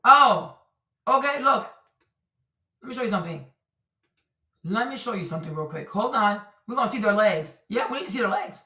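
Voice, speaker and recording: Animated woman streamer in echoey room. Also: medium pitch, normal speed, pauses often, far from the mic. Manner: animated, repetitive, talks to her audience. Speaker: streamer commentator. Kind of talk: livestream commentary. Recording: roomy echo, voice a bit off-mic.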